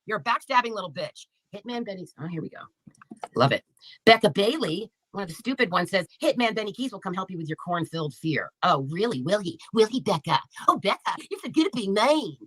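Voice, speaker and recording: A woman's voice: medium pitch, bright, forceful tone, no echo. A woman on a livestream, angrily ranting and taunting viewers by name with heavy profanity. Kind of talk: angry livestream rant.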